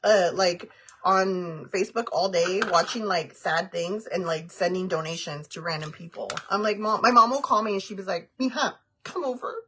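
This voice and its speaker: A woman's voice: on the low side, moderate pace, bright, forceful tone, slight background noise. A woman chatting on a livestream, answering viewer comments in a frank, heated, rambling way.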